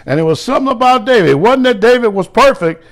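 A middle-aged man preaching a sermon, animated, with shouted exclamations and slow, drawn-out scripture reading. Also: very high voice. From United States. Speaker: bishop and pastor.

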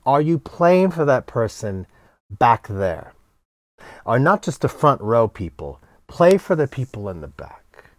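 Middle-aged cello teacher guy, super lively pitch, bounces around, dry close sound, plays out little student voices. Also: dry recording. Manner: animated, acts out students in quick quoted voices. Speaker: cello teacher, interview guest. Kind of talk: casual interview talk.

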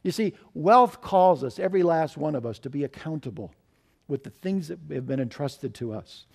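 A man's voice: fairly high pitch, animated, moderate pace, gravelly, a little mellow, breathy edge. A male pastor preaching a sermon in a church, telling stories and asking the congregation questions in an earnest way. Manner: earnest, urges listeners to listen carefully. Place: church sanctuary.

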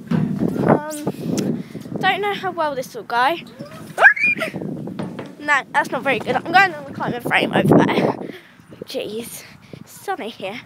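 A young female vlogger filming herself on a phone at an outdoor playground, chatty and excitable, squealing on the rides. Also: sits high. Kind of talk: casual vlog narration. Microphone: handheld phone. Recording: loud wind noise on a phone mic outdoors. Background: wind and outdoor noise.

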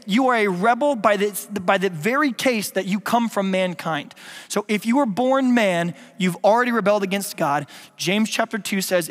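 A man with a high voice preaches to his congregation in a playful way, tossing questions at the listeners. Long reverb from the church hall trails after each phrase. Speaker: pastor. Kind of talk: sermon. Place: church sanctuary.

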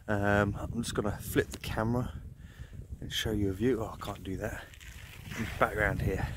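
A motorcycle camping vlogger chats casually to his handheld camera at a moorland campsite in winter, spinning a story full of fillers out on the cold moor. His voice is lowish and steady, his pace brisk, with heavy background noise.

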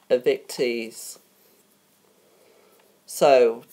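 A woman's voice: very deep voice, slow pace, pauses often, a little mellow. A woman presenting a homemade mock TV show in a casual, hesitant way, full of ums and uhs and tripping over names. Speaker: host of a homemade spoof show.

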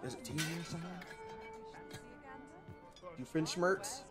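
A male streamer gives loose, rambling commentary while he plays, joking and talking to his chat. His voice sits at a middle pitch, with faint music in the background. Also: lively intonation, normal speed. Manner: rambling, jokey, talks to chat. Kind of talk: casual gameplay commentary.

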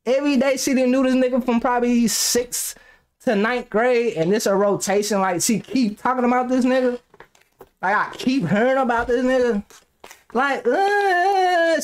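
A man's voice: very high-pitched, normal speed. A young man hosting a reaction video, talking casually with lots of profanity, frequent laughter and rambling side stories. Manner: animated, profane, laughs often, rambling anecdotes.

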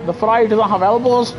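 A man giving live commentary over his racing game through a gaming headset, muttering to himself and breaking into excited shouts. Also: very high-pitched, poor audio. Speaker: gaming streamer. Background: game music and car engine sounds.

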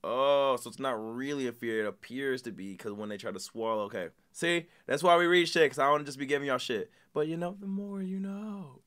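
Brief: male reaction host, mid-pitched voice, loose and cussing, rambles in slang. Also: fairly quick, fairly bright tone. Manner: profane, slangy, rambling, laughs often. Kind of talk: casual reaction commentary.

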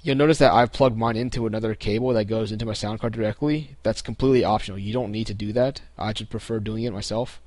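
Young guy, lowish voice, relaxed tutorial host with filler words, dry recording. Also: fast, hardly any pauses, no echo. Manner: relaxed, many ums and restarts. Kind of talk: casual screen-recorded tutorial.

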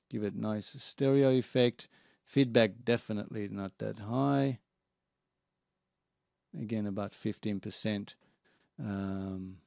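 A man hosting a casual home-studio software tutorial, talking in a halting way and pausing to search for words. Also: lowish voice, vocal fry, no echo.

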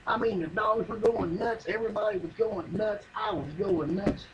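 A man's voice: high-pitched, moderate pace, lo-fi sound, background noise. A man telling a rambling, profane comic yarn in folksy, drawling speech. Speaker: comedian telling a story. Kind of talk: stand-up comedy monologue.

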